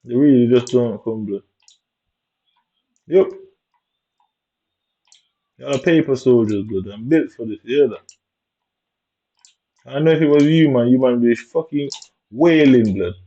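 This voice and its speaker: A man narrates his own gameplay, muttering and ranting heavily, his mellow, dark voice aggrieved from start to finish. He speaks at medium pitch and a measured pace, pausing often, on a dull, lo-fi recording.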